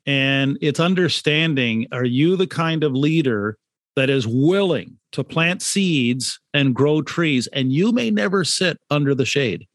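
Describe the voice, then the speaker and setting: A man's voice: mid-range voice, fairly bright tone, dry recording, studio quality. A man, an author and brand consultant, talking in a podcast interview, emphatic, repeating key points and asking rhetorical questions.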